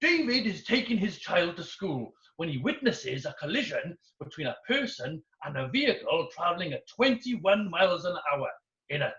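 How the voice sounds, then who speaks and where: A man's voice: high voice, a bit bright. Guy doing a patronizing british course presenter, all solemn, kinda muffled and echoey. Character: pompous male road-safety course presenter. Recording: roomy, dull-sounding.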